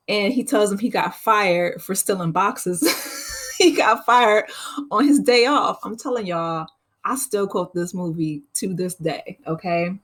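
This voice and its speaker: Woman vlogger recapping a movie, chatty, laughs a lot, mid pitch. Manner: chatty, laughs often, quotes movie lines. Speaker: channel host. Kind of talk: casual movie recap vlog.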